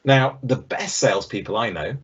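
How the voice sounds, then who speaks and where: A middle-aged man giving an online business presentation over a video call, conversational and lively, acting out the voices he quotes. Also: medium pitch, moderate pace, breathy edge, dull audio.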